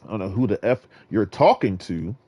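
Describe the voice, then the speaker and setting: A gaming vlogger from Virginia rants and trash-talks in a casual monologue, animated and boastful. His voice is fairly low and husky, and he talks a little fast.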